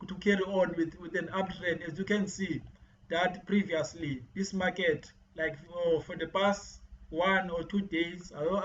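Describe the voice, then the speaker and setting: A man's voice: sits high, a bit bright. A man giving a screen-share trading tutorial, often repeating words and restarting his sentences. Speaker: forex trading teacher. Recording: dull lo-fi mic with faint hiss.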